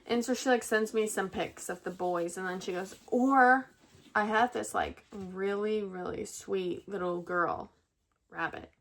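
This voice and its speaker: A woman's voice: medium pitch, fairly even intonation, unhurried, creaky. A young woman vlogging at home, telling a rambling story to camera, full of fillers and restarts. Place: at home with pet rabbits.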